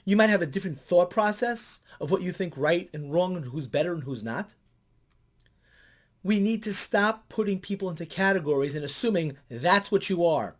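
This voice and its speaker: A middle-aged man, a counselor, giving commentary in a vlog and telling stories animatedly, his voice climbing high when he gets excited. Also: normal speed.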